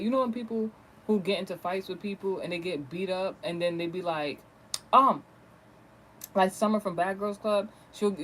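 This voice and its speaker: A man vlogging a casual storytime rant, animated, gossipy and full of profanity. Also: high-pitched, a little hiss or hum, rough recording.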